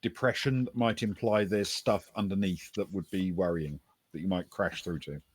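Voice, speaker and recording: A male game master narrates a tabletop role-playing scene in an easygoing way, with fillers and an occasional chuckle. His voice sits low with a breathy edge, at normal speed.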